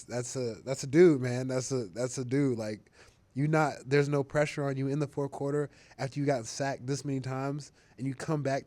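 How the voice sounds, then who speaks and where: A young man chats loosely in an interview, his words full of fillers, repeats and easy laughter. His voice sits at an ordinary middle pitch. The sound is dry and close, with no room around it. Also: dry recording. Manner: relaxed, rambling, lots of fillers and restarts, laughs easily. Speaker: football player being interviewed. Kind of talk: casual interview talk.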